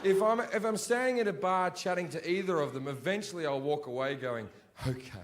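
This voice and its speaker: Stand-up comic, man, high-pitched, crude, ranting, stage mic in a theater. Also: fairly quick, very noisy. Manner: crude, profane ranting with rising shouts. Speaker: stand-up comedian. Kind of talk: stand-up comedy. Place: theater stage before a live audience.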